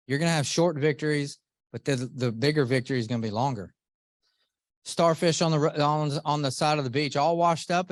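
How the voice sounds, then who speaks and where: A middle-aged man giving an earnest, animated motivational talk to a live group, often asking the audience questions. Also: a little high, brisk, no echo, studio quality. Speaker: motivational speaker.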